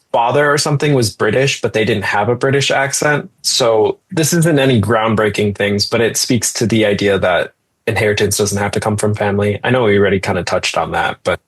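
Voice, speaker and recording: A man's voice: medium pitch, breathy edge. A man co-hosting a casual discussion, hesitant and restarting often as he checks his notes. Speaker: podcast co-host.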